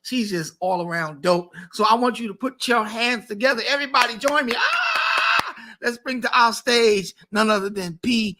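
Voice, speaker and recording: A man's voice: sits high, normal speed, few pauses, heavy background noise. A man with a New York accent hosting a faith talk show, teasing his guest and laughing often. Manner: hype emcee energy, teasing, laughs often. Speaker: host.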